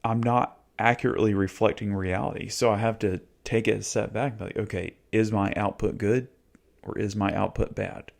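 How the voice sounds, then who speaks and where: Gravelly low-voiced man in his forties. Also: steady tone, normal speed. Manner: easygoing, slangy, coaching tone with frequent "like". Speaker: YouTube channel host. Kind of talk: casual reflective monologue.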